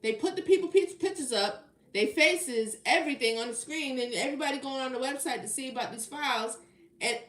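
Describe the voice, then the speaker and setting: A woman's voice: sits high, a little fast, fairly bright tone, echoey room. A woman reading tarot on a live stream, chatting casually with her viewers and getting indignant at rude comments. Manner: casual, talks to chat, gets heated and indignant. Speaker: tarot reader.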